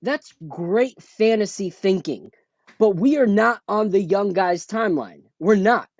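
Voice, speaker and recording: A man's voice: high-pitched, unhurried, dry recording. Podcast co-host, male, opinionated and emphatic, lo-fi dull headset sound, dry. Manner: opinionated, emphatic, makes a point at length. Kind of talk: casual sports podcast chat. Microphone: headphones with a remote mic.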